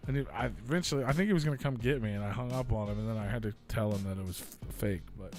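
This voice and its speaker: A man's voice: fairly low pitch, rapid-fire, music in the background. A man hosting a casual radio talk show, telling a long rambling story full of swearing. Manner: rambling storytelling, swearing, acts out quoted voices loudly. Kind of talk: casual chat.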